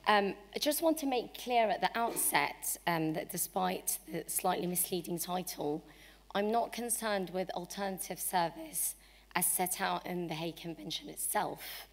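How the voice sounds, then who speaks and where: A woman with a cold and a croaky voice, giving a measured legal seminar talk with frequent ums. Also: on the low side, expressive. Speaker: barrister giving a lecture. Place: lecture hall. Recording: long hall reverb.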